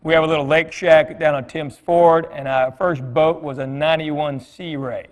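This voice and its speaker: A man's voice: fairly high pitch, fairly even intonation, moderate pace. A middle-aged man giving a conversational church talk, telling stories and acting out bits of dialogue in a folksy way. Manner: folksy storytelling, quoting others in dialogue. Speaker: guest speaker at church. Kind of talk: conversational sermon with anecdotes. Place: church hall. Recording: long hall reverb.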